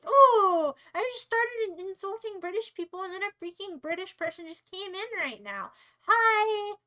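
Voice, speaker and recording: High bright sassy young woman. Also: rough recording. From United States. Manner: playful, teasing, rambling and sassy. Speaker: streamer. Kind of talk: casual livestream chat to viewers.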